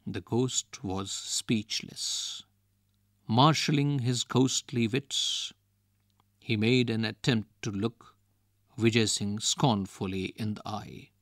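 A man's voice: lowish voice, slow, a bit bright, no echo, clean studio sound. A man with an Indian English accent reading a textbook story and its questions aloud for a lesson. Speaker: lesson narrator.

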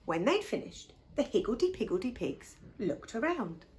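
A woman reading a picture book aloud to young children, as a teacher. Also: medium pitch. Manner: expressive, slow, lively.

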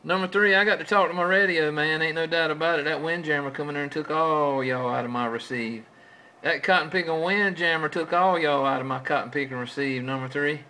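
A man's voice: fairly high pitch, brisk, bright, forceful tone, slight background noise, rough recording. A man trading folksy CB radio chatter with other operators, drawing out his calls and repeating his stock phrases.

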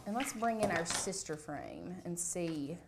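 A woman's voice: on the low side, wildly swooping pitch, a little slow, noisy background. A young adult woman hosting a live craft tutorial, chatting casually as she works through each step with her hands. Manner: chatty, talks while working with hands.

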